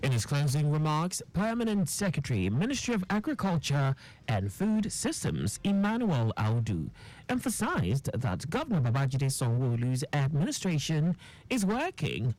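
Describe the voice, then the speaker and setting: A newsreader, reading a radio news bulletin in a formal, measured way. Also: mid-range voice, low-quality recording. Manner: formal, measured read with lively intonation.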